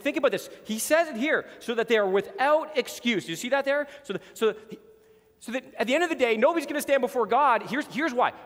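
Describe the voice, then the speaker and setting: A man's voice: high-pitched, a bit bright, big-room sound. A man preaching a sermon as pastor, emphatic and repeating words for stress.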